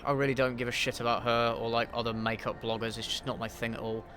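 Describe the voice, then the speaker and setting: A man's voice: mid-range voice, completely flat delivery, fast talker, a bit bright. A man hosting a casual livestream Q&A while playing a game, blunt and sweary, with frequent ums and restarts. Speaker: YouTube channel host answering viewer questions.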